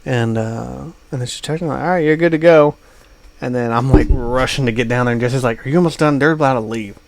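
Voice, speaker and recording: A man's voice: medium pitch, fairly quick, creaky. Man telling a rambling travel story. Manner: rambling anecdote with many fillers. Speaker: podcast co-host. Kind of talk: casual storytelling chat.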